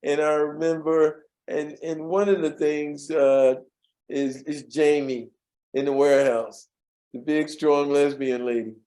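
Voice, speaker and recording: A man's voice: a little high, a little slow. A man being interviewed, telling casual anecdotes from an old workplace, chuckling often and acting out the voices of the people he quotes. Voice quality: animated storyteller who acts out quoted voices. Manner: chuckles often, repeats words while recalling. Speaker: interview guest.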